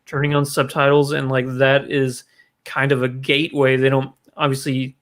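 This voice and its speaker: A man's voice: medium pitch, monotone, normal speed, fairly bright tone. A man co-hosting a casual chat, asking questions and rambling along. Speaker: co-host.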